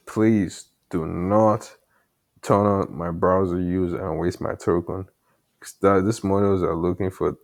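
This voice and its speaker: With his headset mic positioned far from his mouth, this African-accented developer vlogger mutters casually through a late-night coding session, heavy on fillers and light cursing. He speaks low and unhurried in a steady tone, with noticeable vocal fry.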